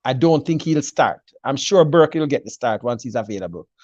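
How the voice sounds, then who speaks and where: A man's voice: medium pitch, expressive, a little fast, darkish tone, dry recording, lo-fi sound. A man with a Jamaican accent in a casual sports chat, confidently breaking down a team selection and mixing patois with English. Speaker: football pundit.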